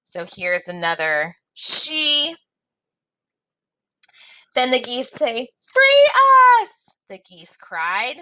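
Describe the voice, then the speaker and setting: A woman's voice: very animated, drawn-out words, long pauses, pushed and bright, poor audio. A woman teacher guiding young students through a reading lesson, reading the story aloud and calling them friends. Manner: reads the story aloud with pitch jumps for the geese; friendly, addresses pupils as friends.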